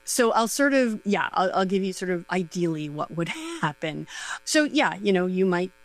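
Middle-aged female educator, loose chatty delivery with a gravelly low voice. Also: very animated, normal speed, low-quality recording. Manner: chatty, lots of fillers, laughing lightly. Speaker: sexuality educator, guest. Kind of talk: casual conversational advice.

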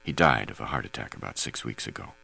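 A man doing a quiet, tender husband. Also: a bass voice, animated, fast, gravelly, breathy edge, pitched below the performer's own voice, heavily acted. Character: gentle, worried young husband.

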